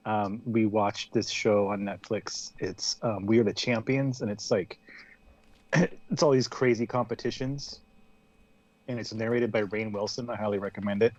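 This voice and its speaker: A man's voice: lowish voice, fairly even intonation, measured pace, a little mellow, dull audio. A man chatting casually on a podcast, telling a rambling story with lots of ums and restarts. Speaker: podcast co-host.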